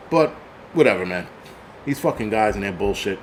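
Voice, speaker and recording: A man's voice: on the low side, animated, moderate pace, long pauses, slight background noise. A man hosting his own channel, ranting angrily and swearing through a casual monologue. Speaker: channel host. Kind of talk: profane rant vlog.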